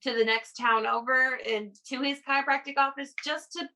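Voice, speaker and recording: A woman's voice: high-pitched, fairly even intonation, normal speed, pushed and bright, poor audio. A woman on a casual podcast, telling a personal story in a rambling way, laughing between phrases. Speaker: guest.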